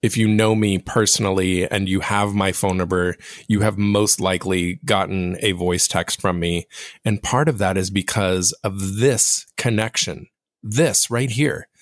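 A man with a low, fairly monotone voice hosts a casual solo podcast. He speaks straight to his listeners in a reflective, self-deprecating way. The recording is dry and close, with no room sound. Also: unhurried, no room sound. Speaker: podcast host.

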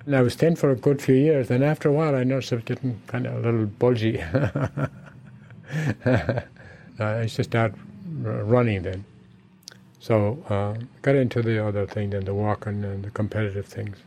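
He's an Irish corner shop owner from Galway, in his seventies, chatting through old memories with frequent chuckles and "you know." The voice is medium-pitched and mellow, steady and moderately paced, over slight background noise.

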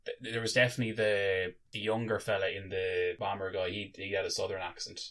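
A man's voice: sits low, flat delivery, brisk, a bit bright. A young man co-hosting a podcast, chatting casually and rambling with many restarts. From Ireland. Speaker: podcast co-host. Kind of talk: casual chat.

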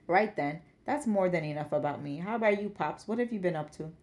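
A woman reads aloud as a grown academic daughter talking to her father, brisk and fondly chiding. The voice sits slightly low and stays close to the reader's own. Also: expressive, darkish tone, close to an everyday voice. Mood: exasperated. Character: grown daughter, an academic, fond but exasperated.

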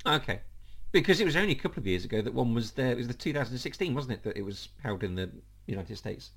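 A man hosting a casual football podcast, reading out lists briskly and correcting himself. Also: mid-range voice, expressive, vocal fry, a bit bright, husky. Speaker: podcast host. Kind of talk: casual panel chat.

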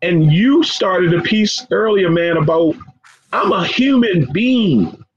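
Sex: man. Role: interview guest. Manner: earnest, impassioned, repetitive. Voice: a little higher than most men. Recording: muffled, lo-fi, faint hiss behind. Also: animated, slow. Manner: earnest and impassioned, repeats phrases and says "man" often. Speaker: guest, professor and founder of a forgiveness organization. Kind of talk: emotional interview conversation. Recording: dull lo-fi sound with faint background noise.

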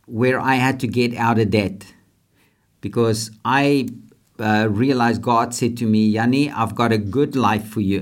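A man hosting a leadership podcast, talking earnestly and a bit repetitively about faith and purpose. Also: medium pitch. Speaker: podcast host. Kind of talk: casual motivational faith talk.

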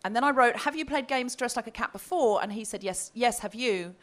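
A woman's voice: on the high side, a little fast. A woman co-hosting a live comedy podcast, telling a story with laughter and quoting messages in put-on voices. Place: live comedy festival show.

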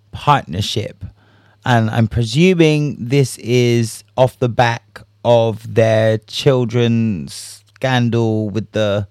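A man hosting a casual solo chat, animated, laughing and swearing freely as he acts out reactions. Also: mid-range voice, no echo, clean studio sound.

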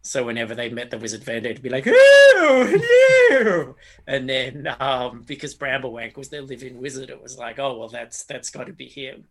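A man speaking at a middle pitch in a relaxed interview chat. He muses his way through answers, pausing on fillers and restarting his sentences as he thinks. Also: creaky. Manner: reflective, rambling, with many fillers and restarts. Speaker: tabletop game master, interview guest.

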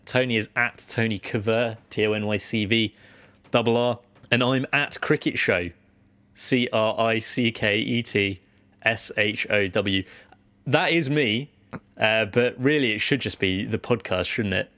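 A man's voice: lowish voice, a little slow, a bit bright, dry recording. A man from Guernsey co-hosting a podcast, chatting casually with dry, wry teasing humor. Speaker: podcast co-host. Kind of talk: casual chat.

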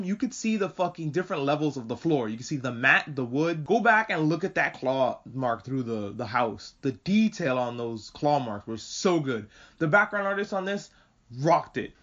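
A man chatting casually and excitedly as a podcast host reviewing an anime, swearing freely and rambling. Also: on the high side, moderate pace. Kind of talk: casual chat. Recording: muffled lo-fi audio.

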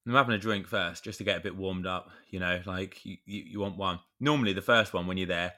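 A man in his thirties with a low voice that still sounds bright and forceful. He co-hosts a podcast in casual chat. He tells long, rambling stories with mild swearing. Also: brisk. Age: 30s. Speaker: podcast co-host.

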